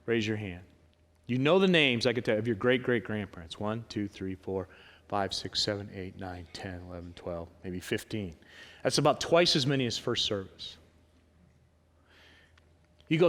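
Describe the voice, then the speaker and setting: A man preaching a sermon as pastor, conversational and animated, asking the congregation rhetorical questions. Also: mid-range voice, moderate pace, long reverb tail. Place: church sanctuary with congregation.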